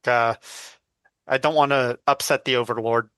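A man's voice: medium pitch, fairly even intonation, moderate pace, fairly bright tone, smooth, no echo. A man co-hosting a casual gaming news podcast, rambling and correcting himself as he talks. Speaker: podcast co-host.

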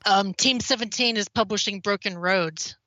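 A woman's voice: medium pitch, moderate pace, sharp tone, dry recording, dull audio. A woman co-hosting a games podcast, reading news in a casual, chatty way and drifting off topic easily. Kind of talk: casual chat.

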